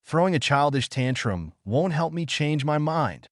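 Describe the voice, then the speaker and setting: Brief: male reader voicing a high, haughty imp girl, lively and sharp-tongued, dry close sound. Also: measured pace, no room sound. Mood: scolding. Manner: haughty, snapping insults. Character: small fiery female imp, proud and quick-tempered.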